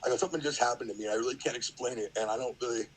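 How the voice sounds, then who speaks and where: A man's voice: medium pitch, very fast, a little hiss or hum, low-quality recording. A middle-aged man, a podcast guest, telling a story in a rambling, casual way, full of fillers and acted-out quotes.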